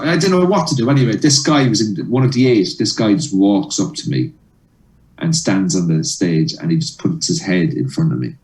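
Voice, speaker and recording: Male comic guest, animated storyteller, lowish voice, roomy room sound. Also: moderate pace, far from the mic. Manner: animated storyteller, acts out dialogue. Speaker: comedian guest. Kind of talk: telling a story in a casual interview.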